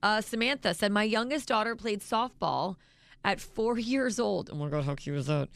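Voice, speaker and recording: Woman radio co-host, thirties, gravelly voice, dry studio sound, chatty and emotional. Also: medium pitch, normal speed, fairly bright tone, dry recording. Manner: chatty, emotional, reads listener texts aloud. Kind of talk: casual morning show chat. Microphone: studio microphone.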